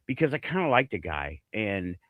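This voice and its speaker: A man's voice: lowish voice, very animated, moderate pace, dry recording, phone-quality sound. A man with a Middle Tennessee accent, a guest on a live stream, talking casually in a laid-back, folksy way. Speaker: guest podcaster.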